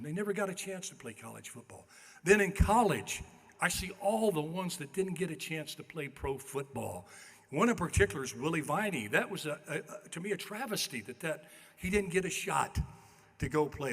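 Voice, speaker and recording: An older man at a banquet podium microphone delivers an acceptance speech in a large hall, spinning folksy stories that poke fun at himself in after-dinner fashion. His voice is a little high and a bit bright, with long banquet hall reverb on the recording.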